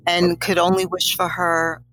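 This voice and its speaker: A woman's voice: on the low side, little pitch movement, a little slow, a bit bright, slight background noise, poor audio. A middle-aged woman, a guest on an interview show, telling a personal story in a reflective, slightly teary way. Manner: emotional, reflective, a little teary.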